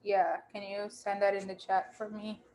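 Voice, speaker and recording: A woman on a video call, calmly giving step-by-step setup directions in a casual tone. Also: mid-range voice, normal speed, slight background noise. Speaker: tech coordinator guiding the setup.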